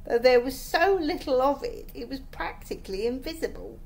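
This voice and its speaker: A mother reading a children's chapter book aloud to her children, with slow, expressive storytelling. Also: high voice.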